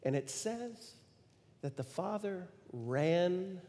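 A middle-aged man preaching a sermon, telling a story in an animated way and acting out the quoted lines with sudden loud bursts. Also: sits high, slow pace. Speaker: pastor. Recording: long reverb of a large hall.

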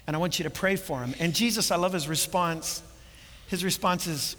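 A pastor preaching a sermon, earnest and full of rhetorical questions. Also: male voice, high voice, moderate pace, pushed and bright, a little hiss or hum. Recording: long hall reverb.

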